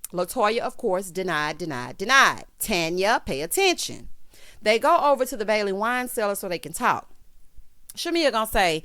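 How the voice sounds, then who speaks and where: A woman from Texas with a Southern twang, recapping reality TV in a sassy, animated way, calling everyone honey. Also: mid-range voice. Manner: sassy, animated, peppered with 'honey'. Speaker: recap vlogger.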